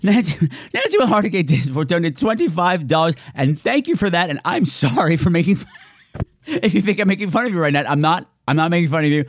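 With a fairly high, sing-song voice and a quick pace, a man hosting his podcast rattles off casual thank-yous. He sounds giddy and playful, hamming it up like an announcer.

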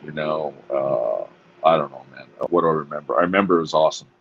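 A man's voice: a bass voice, brisk, creaky, narrow, tinny audio. A man from Canada in his forties, a former hockey player telling stories as a guest in a laid-back, easygoing way. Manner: laid-back, storytelling, says dude. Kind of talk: casual interview chat.

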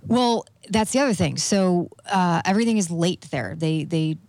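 A middle-aged woman in casual chat, telling a lively travel story with many fillers. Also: fairly low pitch, normal speed. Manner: animated storyteller, acts out quoted voices.

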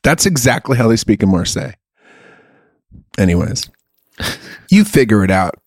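A man's voice: mid-range voice, big pitch swings, moderate pace, creaky, breathy edge, dry recording, studio quality. Profane, joking man on a podcast. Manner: joking, profane, laughs a lot. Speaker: podcast co-host. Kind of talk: casual comedic chat.

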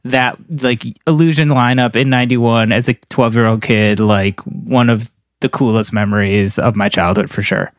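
A man's voice: mid-range voice, fairly even intonation, normal speed, hardly any pauses, no room sound, clean studio sound. Rambling man in his forties. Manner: rambling, heavy with fillers like "you know" and "like". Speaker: podcast co-host. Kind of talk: casual chat.

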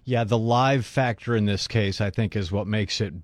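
A man co-hosting a radio talk show, telling a story in an animated way. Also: fairly low pitch, moderate pace, no room sound. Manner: animated storyteller, voices the people in his story. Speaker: radio co-host. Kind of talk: casual radio chat, storytelling.

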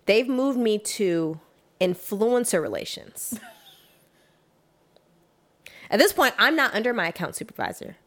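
A young woman telling a work story in casual chat, emphatic and animated, acting out what she and others said. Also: medium pitch, normal speed.

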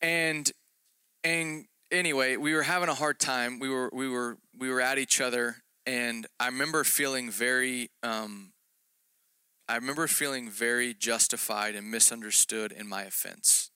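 A man's voice: mid-range voice, steady tone, moderate pace, sharp tone, clear, resonant tone, no echo. A man preaching a conversational sermon, telling a story about himself with self-deprecating jokes.

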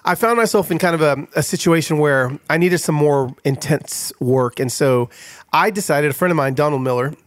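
A middle-aged man speaking a little high for a man, telling his story with animated energy and easy laughter. He is the guest author in a casual interview. The sound is dry and close with no room echo. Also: moderate pace.

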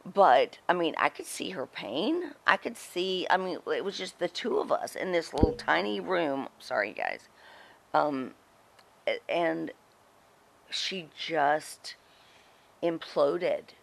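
She's a middle-aged former wrestling personality appearing as an interview guest, telling stories candidly, bluntly and emphatically with plenty of swearing. The voice is deep with vocal fry, slow, and marked by big swings in pitch.

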